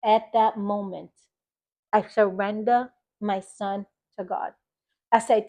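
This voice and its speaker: Woman in her thirties, personal faith testimony, emphatic, animated, mid-pitched voice. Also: slow pace, long pauses. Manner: expressive, emphatic, animated quoting of others. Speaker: faith podcast host.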